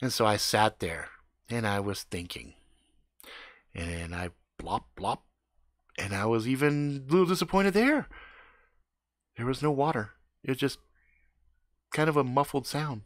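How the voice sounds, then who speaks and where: A man improvising a profane comic horror story, swinging between loud outbursts and hushed suspense. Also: mid-range voice, normal speed, pauses often, no room sound, studio quality. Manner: profane, animated, drops to hushed tones for suspense.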